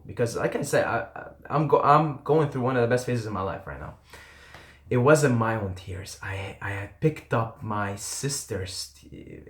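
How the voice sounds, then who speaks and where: A man telling a personal story to camera in a casual, earnest and intense way, often trailing off and swearing. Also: lowish voice. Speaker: vlogger. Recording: roomy echo.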